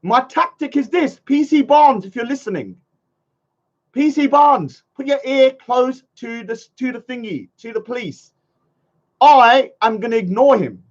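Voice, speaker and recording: A man's voice: very high-pitched, measured pace. A man, vlogging casually to a live chat, rambling and mocking his critics. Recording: dull lo-fi sound.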